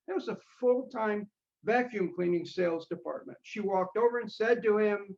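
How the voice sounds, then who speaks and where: High gravelly man telling anecdotes. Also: fairly quick, darkish tone, highs cut off. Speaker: retail speaker. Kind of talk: speaker showcase presentation.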